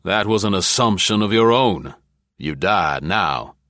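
A man reading the part of a cold, impassive male general who gives orders in a slow, clipped way. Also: low-pitched, pushed and bright, no echo, studio quality. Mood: cold command. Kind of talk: audiobook character reading.

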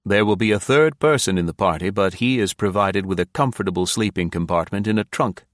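A man's voice: fairly low pitch, brisk, dry recording, clean studio sound, natural voice. A man doing a curt commanding rescuer. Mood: instructing. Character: cool commanding male rescuer in disguise.

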